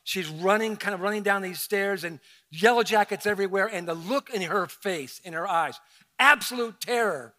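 Bright-voiced middle-aged pastor telling stories. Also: male voice, sits high, moderate pace. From Southern Ohio. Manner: conversational, animated storytelling with self-mocking asides. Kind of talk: sermon storytelling.

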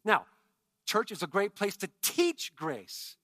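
A pastor with a high, bright voice preaches slowly, with huge pitch swings from hushed, quiet phrases to emphatic shouts. He adds chatty asides to the congregation, captured in a close, dry recording with no room sound.

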